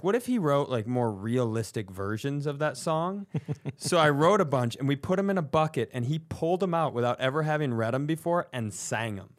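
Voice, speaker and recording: A young man on a podcast, telling a story in a casual chat and acting out the other people in it with raised voices. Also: mid-range voice. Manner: animated, acts out quotes in raised voices. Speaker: podcast co-host.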